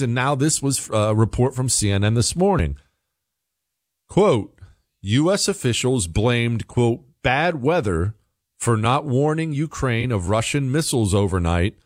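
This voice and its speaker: A man's voice: medium pitch, no room sound, studio quality. Emphatic male political commentator. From United States. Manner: emphatic, repeats himself. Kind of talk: opinionated monologue commentary.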